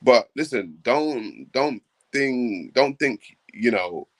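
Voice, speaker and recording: A man's voice: mid-range voice, lively intonation, slow pace. A man hosting a livestream, talking emphatically, repeating his points and calling viewers bro. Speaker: livestream host. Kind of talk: livestream commentary.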